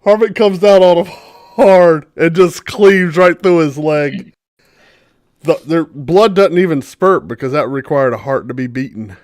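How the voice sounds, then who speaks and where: Game master, mid-pitched, giggly halting narration, dry close mic. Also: darkish tone, dry recording.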